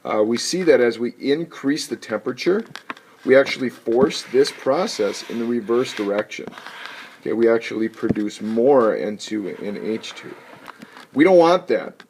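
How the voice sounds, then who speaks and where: A man teaching a chemistry lesson in a playful, jokey way with animated asides. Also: mid-range voice, normal speed. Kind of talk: recorded lecture. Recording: noisy recording with clicks.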